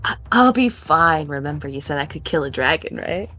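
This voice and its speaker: A woman player in a tabletop role-playing game, giggly and lively, voicing her cocky character. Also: deep voice, a little fast. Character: cocky young woman Yorgia.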